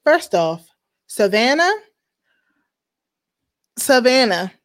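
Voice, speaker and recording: Brief: woman host, casual slangy commentary, a bit high, lively and opinionated. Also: drawn-out words. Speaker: show host.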